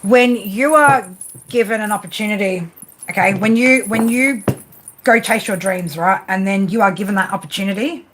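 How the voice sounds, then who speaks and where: This tarot reader has a mid-range, slightly bright voice and a moderate pace, captured in poor audio with a bit of hiss or hum. Reading live, she talks bluntly and casually, says things more than once, and ends points with "right?" Warm yet foul-mouthed, she swears as she goes.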